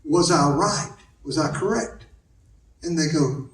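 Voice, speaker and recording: A man's voice: fairly high pitch, measured pace, slight background noise. A middle-aged man from the American South with a Southern accent, telling rambling, folksy stories on stage as a stand-up comedian. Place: large theater stage with live audience. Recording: echoey hall recorded from a distance.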